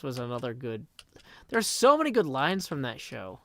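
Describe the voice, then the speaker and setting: A man's voice: mid-range voice, big pitch swings, moderate pace, fairly bright tone, slight background noise. Tired man chatting on a live stream. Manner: rambling, self-correcting, thinks aloud. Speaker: Minecraft streamer. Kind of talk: casual live-stream chat.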